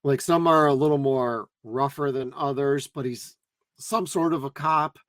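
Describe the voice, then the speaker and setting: Relaxed male podcast co-host, dry sound. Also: medium pitch, a little slow, dry recording. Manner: relaxed, swears casually, thinks aloud. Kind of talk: casual podcast chat.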